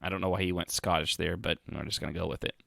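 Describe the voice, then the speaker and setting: A man's voice: deep voice, fairly even intonation, quick pace, gravelly, a bit bright, no echo, clean studio sound. A man hosting a podcast, rambling through casual commentary with sarcastic asides and frequent restarts. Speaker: podcast host.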